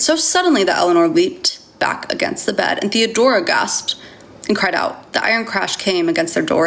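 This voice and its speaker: A woman's voice: fairly low pitch, gravelly. A woman reading a novel aloud on a casual livestream, stumbling now and then and chatting with viewers.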